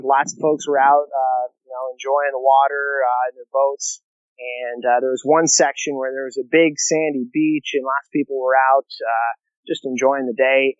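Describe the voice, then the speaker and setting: A man's voice: medium pitch, dry recording. A man talking in a casual interview, easygoing, with many fillers and restarts. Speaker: guest, long-distance canoeist. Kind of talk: casual interview over a remote line. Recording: dull lo-fi call audio, dry.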